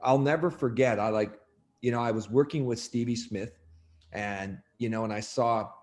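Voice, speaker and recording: A man, an athletic coach, talking on a podcast, telling stories in a lively way full of fillers and restarts. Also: medium pitch, moderate pace. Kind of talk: podcast conversation.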